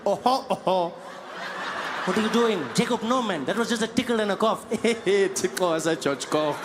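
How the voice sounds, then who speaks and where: Slow-talking high-voiced man in a comedy sketch. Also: background noise. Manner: repetitive, exasperated counting.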